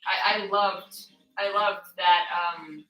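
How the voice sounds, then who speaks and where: A woman's voice: medium pitch, steady tone, slow, bright, forceful tone, reverberant, rough recording. A woman streamer chatting casually while playing a game, blunt and opinionated, swearing and laughing easily. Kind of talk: casual gameplay chat.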